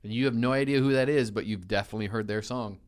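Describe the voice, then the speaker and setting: Laid-back forty-something man, low voice. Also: quick pace. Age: 40s. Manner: easygoing, laughs often, playful teasing. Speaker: radio show co-host. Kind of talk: casual studio chat. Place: radio studio.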